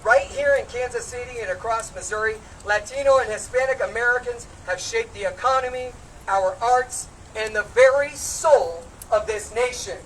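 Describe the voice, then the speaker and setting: A congressional candidate stands on steps at an outdoor street protest, delivering a passionate rally speech that builds into shouted call-and-response. Her voice runs on the high side at normal speed. The recording is taken from a distance, with crowd noise around her.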